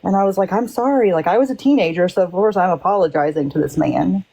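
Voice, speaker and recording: A woman's voice: fairly low pitch, fast talker, vocal fry, mellow, low-quality recording. A woman in a casual group discussion, telling a personal story candidly and emphatically, acting out what others said. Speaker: panel participant.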